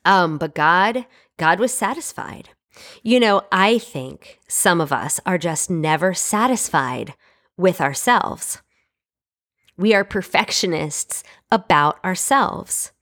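A woman's voice: lowish voice, expressive, takes it slowly, fairly bright tone. A young adult woman teaching from the Bible in a casual, earnest, conversational way, with frequent fillers.

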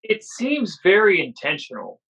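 A man's voice: high-pitched, very animated, a little slow, fairly bright tone, slight background noise. A man co-hosting a podcast, chatting eagerly and in a rambling way about a TV episode, on a dull lo-fi mic. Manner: enthusiastic, rambling. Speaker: podcast co-host. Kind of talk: casual discussion of a TV episode.

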